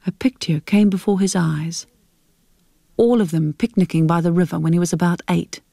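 A woman reading a short story aloud as narrator, in a measured, steady way. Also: lowish voice, creaky, dry recording, clean studio sound.

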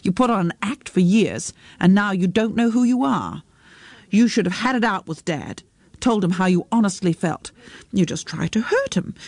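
A woman voicing a frank, impatient grown daughter who talks in brisk, scolding lines. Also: medium pitch, darkish tone, no echo.

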